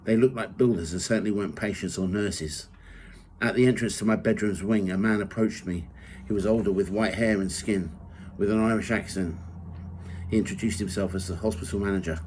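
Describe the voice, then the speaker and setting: A man's voice: lowish voice, a little hiss or hum, low-quality recording. Man reading his memoir aloud. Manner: measured reading, rising loud for quoted shouts. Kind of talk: first-person memoir reading.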